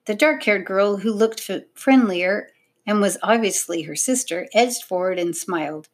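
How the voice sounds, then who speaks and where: Woman, storybook narrator, clear, measured, expressive, mid pitch. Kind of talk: storybook reading.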